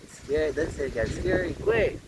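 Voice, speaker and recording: A man filming a storm outdoors on a phone, shouting, cursing and praying as it nears. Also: on the high side, normal speed. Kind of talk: storm-chasing phone video. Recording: heavy wind noise on the mic.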